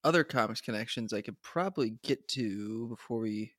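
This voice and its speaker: A podcast co-host talks casually and hesitantly, with many fillers and restarts. His voice is on the low side and fairly bright, at normal speed. The studio sound is clean, with no room sound.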